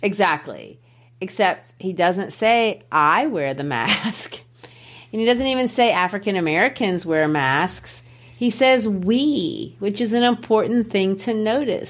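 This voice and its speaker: Animated woman teacher explaining a poem. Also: medium pitch. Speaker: literature teacher and podcast host. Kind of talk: explaining a poem in casual podcast talk.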